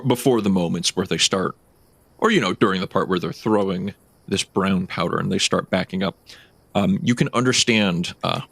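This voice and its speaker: Low-voiced male game master, dry sound. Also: gravelly, fairly bright tone, no echo. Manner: halting, filler-heavy narration. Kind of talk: narrating a tabletop game.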